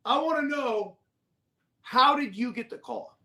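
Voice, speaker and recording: A man co-hosting a podcast, telling stories in an animated, profane way and acting out the quotes. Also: very high voice, unhurried. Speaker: podcast co-host, former ballplayer. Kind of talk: casual storytelling chat.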